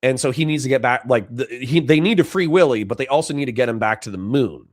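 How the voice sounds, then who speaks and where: A man hosting a reaction show in casual commentary, animated and profane. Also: medium pitch, fast, no echo, studio quality. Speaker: host.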